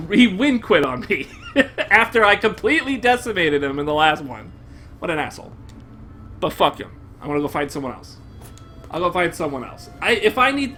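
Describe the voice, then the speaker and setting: A young man streaming a game live, commenting in an excitable, profane way and bursting into shouts. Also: high voice.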